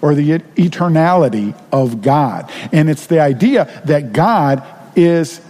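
A pastor preaching a sermon in an earnest, conversational way, asking rhetorical questions of the congregation. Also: male voice, fairly high pitch, animated, slow pace, warm tone, big-room sound.

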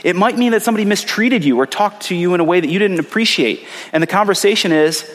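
A man's voice: high-pitched, fast talker, hardly any pauses, fairly bright tone, in a large hall. A man preaching a sermon in an earnest, conversational way, repeating short phrases for emphasis. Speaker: pastor.

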